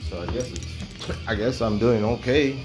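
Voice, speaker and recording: A man's voice: medium pitch, normal speed, music in the background. Blunt, foul-mouthed man in his forties. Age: 40s. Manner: rambling, heavily profane, blunt. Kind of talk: candid spoken monologue.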